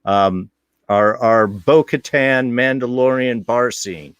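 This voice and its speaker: A man's voice: mid-range voice, takes it slowly, fairly bright tone, smooth, dry recording. A man hosting a casual review podcast, tired from little sleep and rambling with lots of fillers. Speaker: podcast host.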